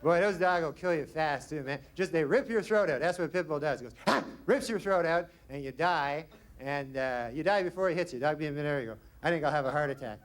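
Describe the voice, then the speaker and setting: A man doing stand-up comedy with a deadpan, rambling delivery. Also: fairly high pitch, a little fast. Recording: noisy live stand-up recording.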